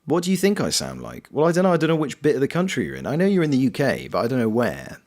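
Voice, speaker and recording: A man's voice: mid-range voice, wildly swooping pitch, very fast, a little mellow. A man with a South Coast English accent, casually chatting with viewers and answering their messages during a gameplay stream. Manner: playful, reads and answers chat. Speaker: streamer and voice actor.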